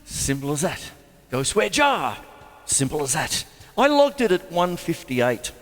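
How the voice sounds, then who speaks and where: An Australian drum teacher hosts a casual livestream lesson from his home studio, his high voice unhurried and a bit bright with big pitch swings and a long reverb tail. He's chatty and rambling and laughs at his own jokes.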